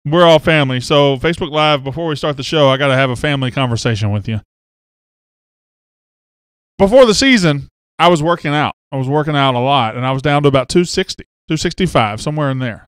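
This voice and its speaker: A man's voice: on the high side, animated, fast talker, clean tone, no echo, clean studio sound. A man hosting a casual sports live stream, chatting and reading out viewer comments. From Mississippi. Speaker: sports podcast host. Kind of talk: casual livestream chat. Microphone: webcam setup on a live stream.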